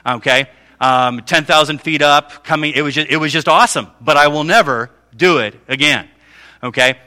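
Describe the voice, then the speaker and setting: A man's voice: a little high, normal speed, sharp tone. A middle-aged man preaching a conversational sermon, often checking in with his listeners. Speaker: pastor.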